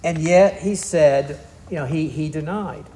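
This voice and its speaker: Delivering a sermon with a Southern US accent, a pastor spins the story in a folksy, relaxed manner, adding drawling asides. His mellow voice sits on the high side and moves at a measured pace, in a roomy-sounding space.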